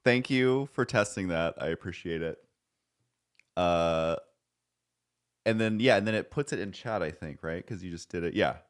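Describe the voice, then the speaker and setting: A man's voice: sits low, moderate pace, long pauses. A man streaming live, chatting casually and rambling, joking at his own expense and swearing now and then.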